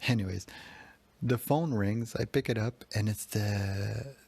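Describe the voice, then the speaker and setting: A man telling a personal story on a podcast, rambling and self-critical, with casual swearing. His voice sits low, gravelly and a little husky throughout. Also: measured pace, darkish tone.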